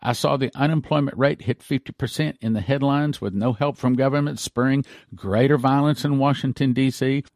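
A man's voice: mid-range voice, steady tone, brisk, darkish tone, dry recording. Male pastor, broadcast sermon; emphatic and repetitive, dry close sound, mid-range voice.

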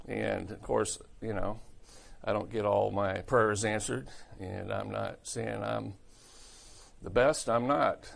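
A man's voice: fairly low pitch, creaky. A male pastor preaching a sermon in a blunt, folksy, conversational way.

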